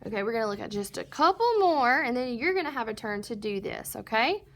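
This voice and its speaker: A woman's recorded phonics lesson for first graders has her slowly, patiently sounding out word parts and answering questions she asks herself. Her voice is a little high and fairly bright, with lively intonation.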